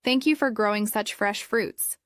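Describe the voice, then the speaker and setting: A woman's voice: medium pitch, measured pace, a bit bright, no echo, studio quality, lightly acted. A woman voicing a polite young woman making small talk with sellers and friends. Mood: pleasant. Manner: polite, pleasant.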